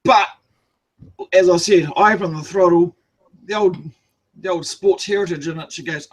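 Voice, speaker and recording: NZ-accented male guest, rambling storyteller, high-pitched and husky. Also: moderate pace, pauses often. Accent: New Zealand. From New Zealand. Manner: rambling, self-deprecating storyteller. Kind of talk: casual podcast chat.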